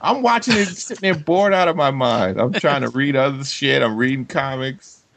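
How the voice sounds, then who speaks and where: A man co-hosting a podcast in casual chat, telling stories loudly and animatedly with profanity and shrill mock quotes. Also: lively intonation, moderate pace, creaky, slight background noise. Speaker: podcast co-host.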